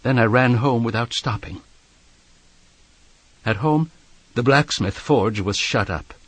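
A man narrating an audiobook in a measured, expressive storytelling manner. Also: medium pitch, husky, dry recording. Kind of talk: scripted narration.

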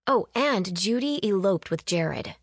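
A lively young woman who teases her friend , voiced by a woman reading aloud. Her voice sits up high and playful against the narration. The sound is dry and close, with no room at all. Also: unhurried, no room sound. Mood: chatty. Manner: playful, bright and raised. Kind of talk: audiobook character voice.

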